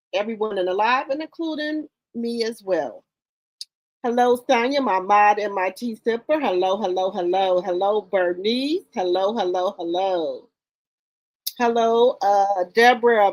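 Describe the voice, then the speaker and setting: A woman's voice: medium pitch, dry recording. A woman hosting a casual livestream, greeting viewers one by one with repeated hellos in an informal, chatty way. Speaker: livestream host.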